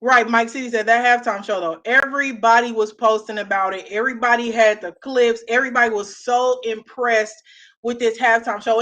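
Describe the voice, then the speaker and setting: A woman co-hosting a casual chat show, talking in an animated, emphatic way and repeating her phrases. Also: fairly high pitch. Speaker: co-host.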